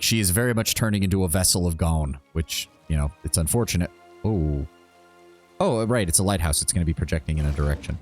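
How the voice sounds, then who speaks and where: A man casually commentating his game playthrough, blunt and chatty, swearing freely and reading dialogue choices aloud. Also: low-pitched. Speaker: streamer. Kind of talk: casual let's-play commentary.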